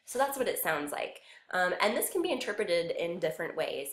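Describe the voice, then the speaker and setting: A woman teaching a music lesson, patiently explaining each point step by step. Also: lowish voice. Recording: roomy echo.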